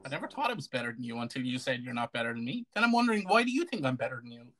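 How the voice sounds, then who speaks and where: A man with an Irish accent rambles through a livestream chat with crude jokes and loose asides. His pitch sits in an ordinary middle range. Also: big pitch swings, very fast, fairly bright tone. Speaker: co-host.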